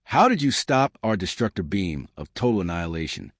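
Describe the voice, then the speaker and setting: A man's voice: sits low, very animated, fairly quick, dry recording, studio quality. A man voicing a pompous, defeated alien male supreme commander, indignant and blustering.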